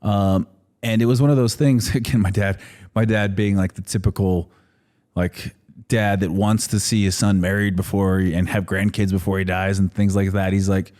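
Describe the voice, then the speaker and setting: A man in his thirties with a slightly low voice, chatting loosely as a podcast guest. He rambles through stories, laughing often and padding sentences with "like" and "you know". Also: fairly even intonation, normal speed, a little mellow. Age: 30s. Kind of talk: casual chat.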